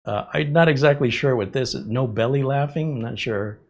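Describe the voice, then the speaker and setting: A middle-aged man hosting a casual live stream, telling stories in an animated way and laughing often. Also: medium pitch, brisk, highs cut off. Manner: animated storytelling, frequent laughter. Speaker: host.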